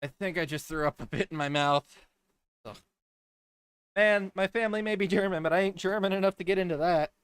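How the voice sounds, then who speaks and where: A woman's voice: on the low side, fairly quick, clear, resonant tone, no room sound. A woman streaming a game, casual and loose, making crude jokes. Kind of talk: casual game let's play.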